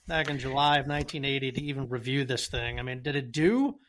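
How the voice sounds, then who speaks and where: A man's voice: mid-range voice, fast talker, fairly bright tone, slight background noise. A man co-hosting a movie podcast who rambles and asks the others questions in casual chat. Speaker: podcast co-host.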